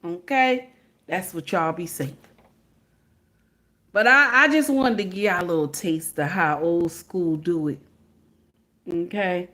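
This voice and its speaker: A woman's voice: lowish voice, slow, long pauses, fairly bright tone. A woman giving emphatic, preachy casual commentary to her viewers, repeatedly checking in with "okay?".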